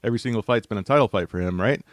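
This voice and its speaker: Low-voiced man analyzing a fight. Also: rapid-fire, no room sound, studio quality. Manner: thoughtful, hedging with fillers. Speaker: panelist, writer. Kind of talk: casual sports analysis.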